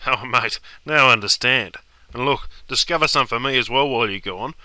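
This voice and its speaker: His mid-range voice is sharp and fairly quick, recorded with no room sound at low quality. The young man, speaking with an Australian accent, plays laid-back, slang-heavy Bruce in a comedy sketch, full of broad slangy banter.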